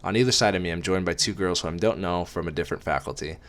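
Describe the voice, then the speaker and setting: A man's voice: sits low, fast. A man reading a novel aloud in a casual amateur way, with wry asides and casual swearing.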